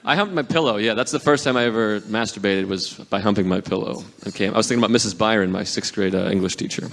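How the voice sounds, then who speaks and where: A man's voice: on the low side, fast, fairly bright tone, big-room sound. A man in his forties, a comedian guest on a live podcast, telling frank, self-deprecating stories. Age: 40s. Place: live theater stage with audience. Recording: live stage recording with clear background noise.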